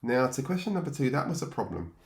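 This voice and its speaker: Here a middle-aged Englishman tells personal stories quickly at medium pitch, his voice swinging widely up and down in a roomy recording. He looks back wryly, chuckles at himself, and performs remembered voices as he narrates his memoir.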